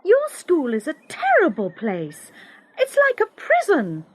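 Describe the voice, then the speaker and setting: A woman voicing a quick-tempered but kind young woman who speaks with feeling in a storybook reading. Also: very high voice, very animated, fairly bright tone, no room sound, pitched above the performer's own voice, exaggerated voice. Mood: exasperated. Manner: exasperated, impassioned.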